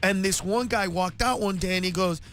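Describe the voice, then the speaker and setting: A comedian in his fifties telling stories in a radio interview, acting out the people in them with lively voices. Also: high-pitched, brisk. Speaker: comedian guest.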